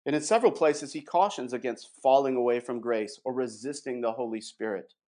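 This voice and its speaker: A man at a mid pitch, speaking in a measured, emphatic way as he lays out a point of doctrine. He slows down to stress key words and reads passages aloud. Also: a little mellow. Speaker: guest presenting doctrine. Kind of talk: explanatory theological talk with read quotations.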